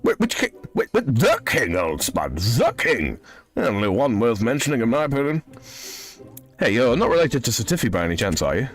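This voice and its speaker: A man's voice: medium pitch, sing-song, very fast, few pauses, soft background music. A man voicing a pompous old male gnome with a long beard, in plummy, old-fashioned upper-class speech. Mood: indignant. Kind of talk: reading game dialogue aloud in voices.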